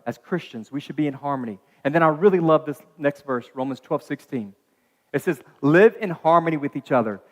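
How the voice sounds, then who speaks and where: A man preaching as a pastor in a dark church auditorium, telling a personal story in a chatty, animated way with many asides and restarts. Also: fairly high pitch, big-room sound. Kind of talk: sermon.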